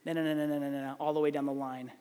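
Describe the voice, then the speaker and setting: A man's voice: on the high side, rapid-fire, smooth, long reverb tail. A middle-aged man, preaching a sermon, telling stories and acting out the dialogue. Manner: animated storytelling, acts out dialogue. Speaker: pastor.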